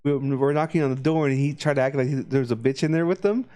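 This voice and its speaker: A man's voice: medium pitch, quick pace, a little mellow. A young adult man telling crude, profane stories on a casual podcast, often mimicking his friends' voices. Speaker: podcast co-host. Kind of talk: casual chat.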